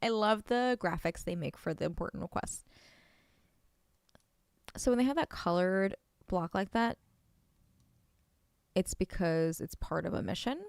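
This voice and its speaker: A woman streamer chatting casually while she plays a video game, gushing over cute things and often dropping to a soft near-whisper. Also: medium pitch, measured pace, gravelly, pauses often, no echo, clean studio sound. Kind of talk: casual let's-play chat.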